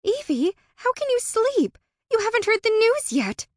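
A shrill, eager young woman bursting with excitement in a fantasy storybook, as the narrator puts her on. The voice jumps far above the narrator's own, bright and loud. The sound is close and dry. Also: normal speed, no room sound. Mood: excited.

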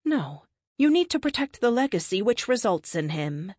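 A woman's voice: fairly high pitch, big pitch swings, a little mellow, dry recording, clean studio sound, pitched above the performer's own voice. A woman voicing a cryptic ancient cosmic being. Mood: explaining. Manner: terse, measured pronouncements. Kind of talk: audiobook character reading.

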